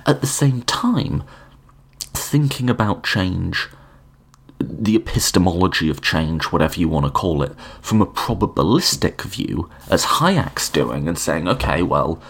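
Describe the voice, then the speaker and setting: Deep husky Englishman lecturing. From England. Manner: thinking aloud, many ums and restarts. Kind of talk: unscripted lecture.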